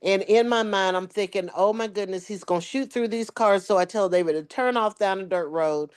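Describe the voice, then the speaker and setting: A woman's voice: mid-range voice, brisk, clean tone. A woman, a mother, telling a long story in casual chat and acting out the voices of the people in it. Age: adult with children. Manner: animated storyteller, acts out quoted dialogue. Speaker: podcast co-host.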